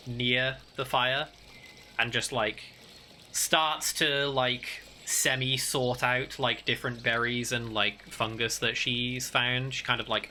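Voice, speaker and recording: Man, game master, bright ringing voice, rambling narration, casual, faint background hiss. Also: medium pitch. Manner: rambling, full of "like" fillers.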